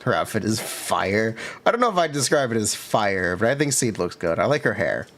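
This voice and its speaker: A man's voice: lowish voice, very animated, a little fast, a bit bright. A man streaming live and chatting casually with his viewers, laid-back and reacting to chat.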